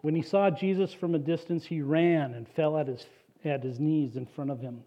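A man preaching a sermon as a pastor, animated and conversational, with casual asides to the congregation. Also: fairly high pitch, moderate pace. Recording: dull lo-fi recording.

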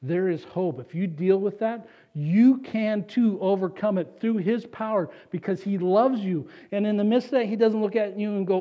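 A man preaching a sermon as a pastor, animated and conversational, with casual asides to the congregation. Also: high voice, moderate pace, few pauses. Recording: dull lo-fi recording.

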